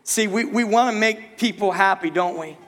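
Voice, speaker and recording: High-voiced male preacher in a reverberant hall. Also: moderate pace, a bit bright. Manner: repetitive, rhetorical questions to congregation. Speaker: pastor. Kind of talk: sermon. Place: church sanctuary.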